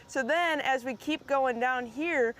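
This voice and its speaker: A woman explaining meat cuts as a guest expert on a cooking show, clear and friendly. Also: high-pitched, slow pace, fairly bright tone.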